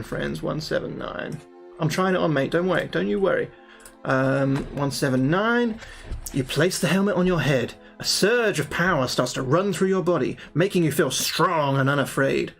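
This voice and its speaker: A man reads the passages of a fantasy gamebook aloud, then drops into casual, profane chatter with his stream audience. His voice sits a little high for a man. Soft music plays quietly underneath. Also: vocal fry. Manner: chatty, swears freely, talks to his viewers. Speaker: livestreamer playing a solo gamebook.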